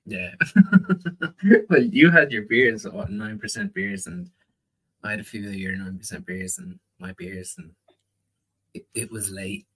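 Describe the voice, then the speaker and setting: A man's voice: on the low side, moderate pace, bright, forceful tone, breathy edge, rough recording. An Irish man, a podcast guest, chatting in an easygoing way. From Ireland. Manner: chatty and easygoing, laughs often. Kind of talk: casual chat.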